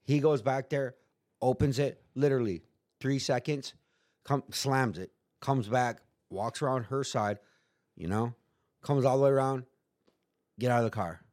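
A man's voice: medium pitch, a little slow, pauses often, darkish tone. Rambling profane man telling a story. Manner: rambling, profane, acts out quotes in put-on voices. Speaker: guest. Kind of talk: casual storytelling.

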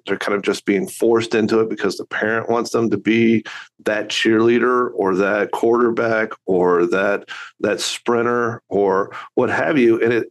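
A middle-aged man, a father and coach, earnestly and reflectively telling stories as a podcast guest. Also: on the low side. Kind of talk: casual conversational storytelling.

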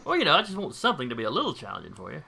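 A man running a tabletop role-playing game, narrating in a chatty, relaxed way. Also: on the high side, very fast, creaky, a crowd in the background. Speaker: game master.

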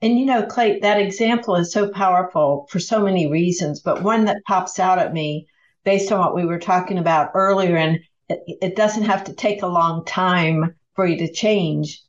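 Female podcast host with a low voice, reflective and full of questions, on dull lo-fi audio. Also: normal speed. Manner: reflective, asks layered follow-up questions. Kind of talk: conversational podcast interview.

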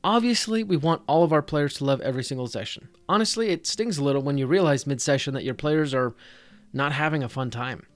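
A man's voice: on the high side, fast talker, soft background music. A man hosting a podcast, talking directly to the listener in a conversational, scripted way as he gives advice to dungeon masters. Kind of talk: scripted tips talk.

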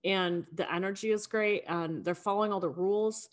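A woman coaching a high school girls' team, talking casually with frequent likes and little laughs. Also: fairly even intonation, normal speed. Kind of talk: casual conversation.

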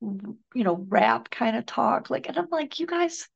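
Podcast guest: middle-aged woman, earnest and halting, raspy-edged high voice, muffled remote recording. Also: lively intonation. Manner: earnest, halting, emotional recounting. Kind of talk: personal storytelling in a conversation.

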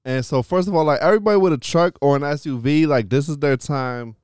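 A man co-hosting a casual podcast, rambling and swearing through animated rants. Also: fairly high pitch, fast talker, clear, resonant tone, no room sound, studio quality. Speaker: podcast co-host.

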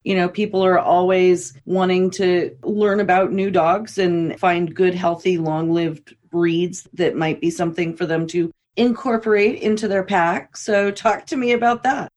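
A woman's voice: lowish voice, fairly even intonation, unhurried, hardly any pauses, darkish tone. A woman hosting a podcast interview. She keeps affirming the guest with short "right"s and asks open questions. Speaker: podcast host. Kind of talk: interview chat.

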